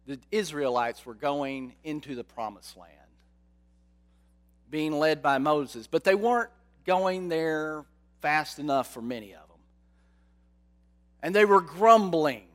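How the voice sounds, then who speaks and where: Slow-speaking man preaching a sermon. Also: a little high, fairly bright tone. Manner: slow, dramatic, asks the congregation rhetorical questions.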